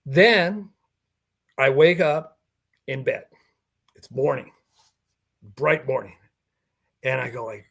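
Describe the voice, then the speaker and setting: A man's voice: mid-range voice, lively intonation, takes it slowly, creaky, long pauses, fairly bright tone, husky. An older man telling a personal story in a podcast interview, acting out the dialogue and chuckling as he goes. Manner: recounting a personal encounter with quoted dialogue and chuckles. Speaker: guest.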